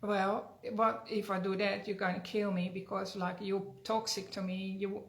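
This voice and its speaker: A cautious male frog from an old fable, questioning and doubtful in a mid-pitched voice, as a woman storyteller puts him on. He sounds suspicious and careful. The room has a noticeable echo. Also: flat delivery, a little slow, natural voice. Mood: wary. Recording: roomy echo.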